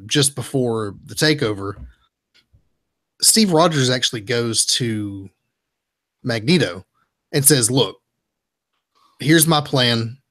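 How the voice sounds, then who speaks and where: A man's voice: medium pitch, a bit bright, dry recording, studio quality. A man hosting a casual comic book podcast, recapping stories in a rambling, easygoing way with frequent restarts. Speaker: podcast host.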